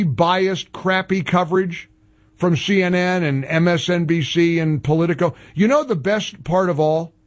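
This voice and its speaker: A man hosting a talk show, delivering sarcastic, mocking political commentary. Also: high voice. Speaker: radio talk show host.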